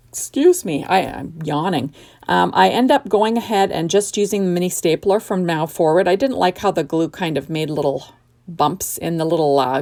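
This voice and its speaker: A middle-aged woman talks through her card-making steps in a relaxed, chatty way. Her voice sits a little low with a gravelly edge. She wanders through fillers and restarts as she works at home. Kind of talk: casual crafting tutorial voice-over. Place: home craft room.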